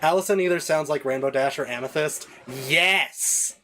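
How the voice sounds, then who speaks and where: A man's voice: a little high, fast, a little hiss or hum. Chatty, rambling male streamer. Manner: rambling, lots of fillers and restarts. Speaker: streamer playing a game. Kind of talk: casual chat with viewers.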